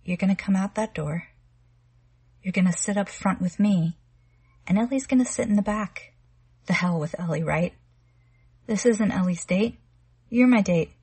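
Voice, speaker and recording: A woman's voice: mid-range voice, moderate pace, pauses often, dark tone, slightly rough, natural voice. A woman reading the part of a menacing young man who sweet-talks and threatens a girl, in a sleepy, coaxing voice. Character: menacing smooth-talking young man, a stalker.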